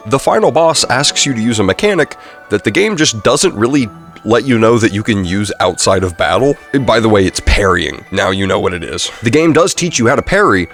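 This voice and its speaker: A man's voice: on the low side, a bit bright. A young man casually reviewing a video game, rambling with lots of fillers and self-corrections. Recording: faint music underneath. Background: faint background music.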